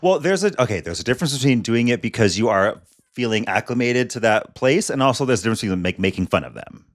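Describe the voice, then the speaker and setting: A young man co-hosting a podcast, animated and teasing in casual chat. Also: mid-range voice, dry recording, studio quality. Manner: animated, quick to laugh and tease. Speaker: podcast co-host.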